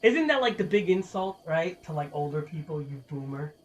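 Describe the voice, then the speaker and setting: A man's voice: sits high, very animated, a little fast. A man giving casual gameplay commentary to a viewer, rambling and swearing, often restarting his words. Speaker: gaming channel host.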